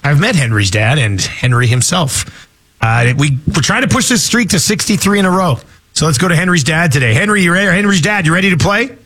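A young man hosting a radio show, joking around in quick, upbeat patter. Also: a little high, animated, fairly bright tone. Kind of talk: casual morning show banter.

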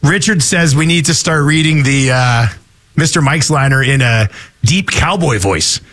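A man hosting a radio show, running a quick quiz and joking around with laughter in an upbeat, teasing manner. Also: mid-range voice, fairly bright tone. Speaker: radio host. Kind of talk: casual radio chat and quiz.

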